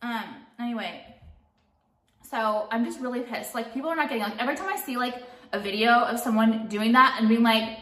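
A woman's voice: a little high, normal speed, a bit bright, echoey room. A woman makeup vlogger ranting at home, exasperated and profane, with "like" in nearly every sentence. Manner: exasperated, profane, heavy use of "like". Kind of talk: ranting vlog monologue.

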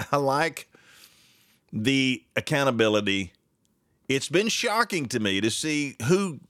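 A man hosting a political talk show, talking in a sarcastic, animated and mocking way. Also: mid-range voice, no room sound, studio quality.

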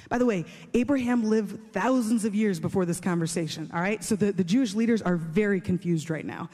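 High-voiced male preacher in a reverberant hall. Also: brisk, few pauses, warm tone. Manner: conversational, emphatic, repeats phrases. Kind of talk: sermon. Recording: long reverb of a large hall.

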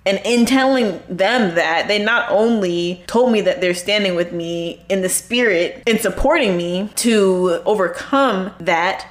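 A woman hosting a faith podcast who gives an earnest, conversational testimony and urges listeners on. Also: medium pitch. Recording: echoey room.

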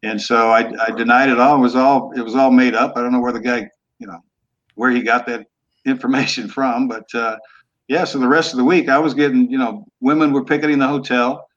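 A man in his sixties, a former quarterback, telling stories in a relaxed, rambling way with some rough language. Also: medium pitch, a little fast, highs cut off. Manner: laid-back, trailing off, rough language. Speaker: guest, former football quarterback. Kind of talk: casual storytelling interview.

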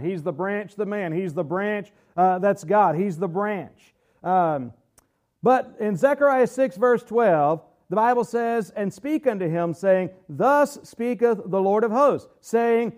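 High-voiced man teaching a Bible study. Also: expressive, darkish tone. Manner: earnest, slows down hard to stress key phrases; reads scripture aloud with measured weight. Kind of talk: sermon-style Bible teaching.

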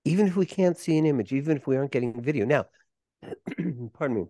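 A man's voice: mid-range voice, quick pace, no room sound, clean studio sound. An older man, a performer and voice coach, telling stories as a guest on an interview podcast. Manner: animated, warm anecdote telling. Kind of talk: conversational interview storytelling.

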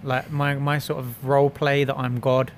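Man, casual podcast chat, rambling with fillers, mid pitch, faint hiss behind. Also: flat delivery, normal speed. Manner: rambling, filler-heavy, drops into mock-boastful asides.

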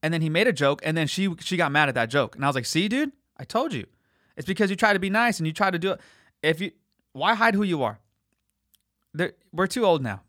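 A man's voice: on the high side, animated, fast talker, sharp tone, dry recording, clean studio sound. A man in his late twenties hosting a podcast, talking in a blunt, rambling, profane casual monologue. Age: 20s. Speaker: podcast host.

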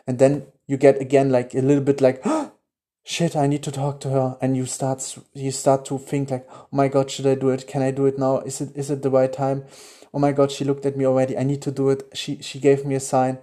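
German guy doing a solo motivation podcast, mellow warm voice, excited, swears a lot, gets quiet and dreamy. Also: medium pitch, brisk. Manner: enthusiastic, swears casually, drops to a hushed voice while visualizing. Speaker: podcast host. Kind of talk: motivational monologue with guided visualization.

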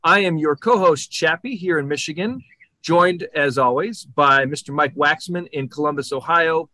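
Bright, upbeat podcast co-host man. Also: fairly high pitch, moderate pace, no echo, poor audio. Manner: rambling, self-correcting, friendly. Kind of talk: casual podcast chat. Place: Michigan.

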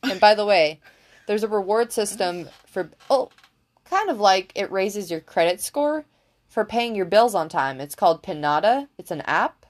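A woman's voice: medium pitch, animated, moderate pace. A young woman co-hosting a podcast in casual comedic chat, rambling easily as she shares random facts. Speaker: podcast co-host.

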